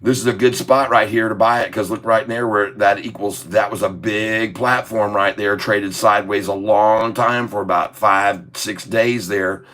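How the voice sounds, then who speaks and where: A man's voice: lowish voice, fairly even intonation, fairly bright tone. A man hosting a stock trading livestream, chatting casually and reading viewer comments in a drawling, jokey way. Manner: drawling and jokey, chuckling between remarks; slow, drawn-out delivery when explaining trades.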